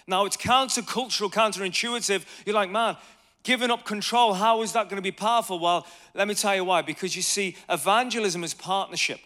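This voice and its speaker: A man leading an evangelism seminar, energetic and jokey, swinging between loud emphasis and quiet asides. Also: on the high side. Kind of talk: lively seminar preaching to a live audience.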